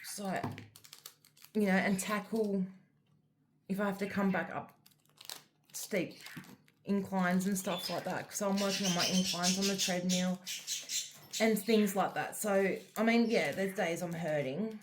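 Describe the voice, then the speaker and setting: A woman's voice: medium pitch, fairly even intonation, a little slow, pauses often, slight background noise. A middle-aged Australian woman chatting casually as a crafting vlogger, rambling through a personal story with many fillers. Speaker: diamond art vlogger. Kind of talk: casual chat while crafting.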